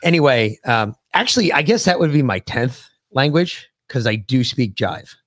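A man's voice: medium pitch, animated, moderate pace, no echo. Middle-aged man, co-host, rambling and profane storyteller, dry close sound. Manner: rambling, profane storyteller who laughs at his own stories. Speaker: podcast co-host. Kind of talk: casual chat.

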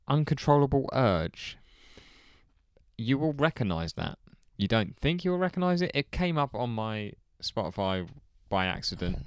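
A man's voice: medium pitch, smooth, no echo, clean studio sound. A man co-hosting a podcast, chatty and laughing often, with mock exasperation at his co-host. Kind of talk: casual banter.

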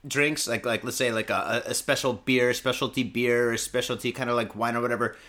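A man hosting a casual podcast, swearing freely as he rambles through stories. His voice is bright and forceful, at an ordinary pitch for a man. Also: steady tone, fairly quick. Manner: profane, rambling storytelling. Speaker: podcast host.

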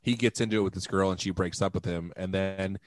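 Playful low-voiced man, rambling chat. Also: fairly even intonation, fast, no echo. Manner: rambling, playful, sings snatches of songs. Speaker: podcast co-host. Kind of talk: casual chat.

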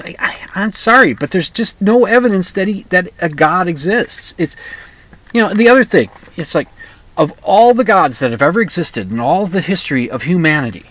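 A middle-aged man from the upper Midwest, hosting his own show in a rambling, halting monologue full of restarts. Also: high voice, fairly bright tone, no echo. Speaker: podcast host. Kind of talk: casual monologue.

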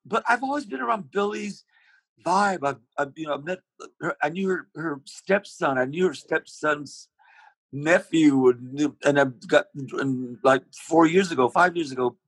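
Husky-voiced man telling stories. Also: on the high side, unhurried, no echo, poor audio. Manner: rambling, animated, with many restarts. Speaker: interview guest, singer. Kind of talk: casual storytelling.

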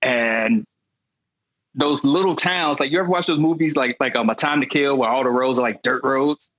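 Man telling stories with animated voices. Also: mid-range voice, normal speed, dull audio. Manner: animated, acts out quoted voices. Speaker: comedian guest. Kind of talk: comic storytelling.

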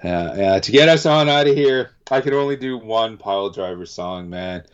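A man's voice: on the low side, lively intonation, moderate pace, clear, resonant tone, lo-fi sound. A man hosting a podcast, laid-back and chuckling as he signs off the episode. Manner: laid-back, laughing agreement. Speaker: podcast host. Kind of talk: casual podcast sign-off.

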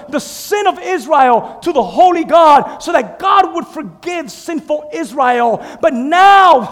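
Fervent high-voiced male preacher. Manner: fervent, swings from shouting to hushed. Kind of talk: sermon. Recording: long reverb in a large hall.

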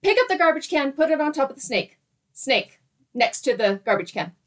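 A woman in her thirties, appearing as a guest storyteller, shares a story in a casual chat with a fairly high voice and a brisk pace. She stays animated throughout, laughing often and acting out her own quoted lines.

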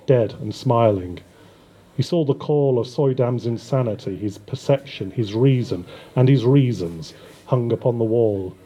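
A man reading his own crime story aloud at a live reading event, in a steady, measured way. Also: medium pitch, slightly rough.

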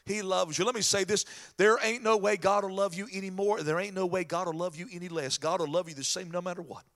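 A man preaching a sermon as pastor, animated and telling stories with acted voices. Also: sits high, fast.

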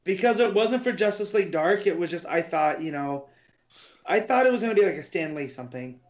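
Male podcast co-host, slightly raised pitch, chatty and rambling, dull lo-fi mic. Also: animated, fairly quick. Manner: rambling, talks through his confusion with restarts. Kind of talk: casual comic book review chat.

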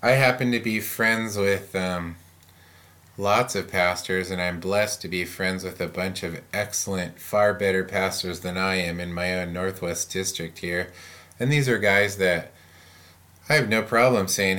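Low-voiced chatty pastor, laughing often. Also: male voice, unhurried. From Pacific Northwest US. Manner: animated, laughs often, acts out quoted voices. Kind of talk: casual podcast chat.

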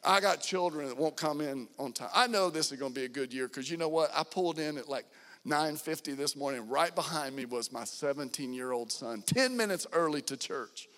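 A middle-aged man preaching a sermon as pastor, with fervent emphasis that rises loud on key lines. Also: a little high, animated, a little fast. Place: church sanctuary. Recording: long hall reverb.

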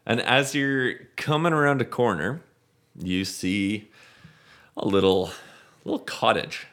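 A man running a tabletop game as game master, describing scenes in a relaxed way, often restarting his words. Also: on the low side, takes it slowly. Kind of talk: improvised tabletop narration.

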